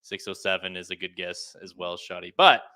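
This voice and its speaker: A man's voice: low-pitched, fairly even intonation, fairly quick, bright, forceful tone. A man in his thirties co-hosting a podcast, talking loosely and laughing often. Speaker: podcast co-host. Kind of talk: casual chat.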